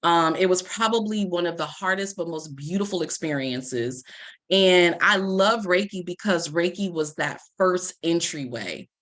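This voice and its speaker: A woman's voice: fairly low pitch, a little slow, a bit bright. A woman, a life coach telling a personal story to an audience and acting out the lines she quotes. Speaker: life coach and Reiki practitioner.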